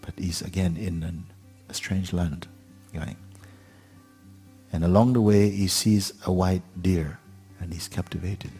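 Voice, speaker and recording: A man giving a spiritual talk, telling a parable slowly and gently with many pauses. His voice is very deep and a little husky, with faint music playing behind. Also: fairly even intonation. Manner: unhurried, gentle, with pauses and fillers. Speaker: spiritual teacher.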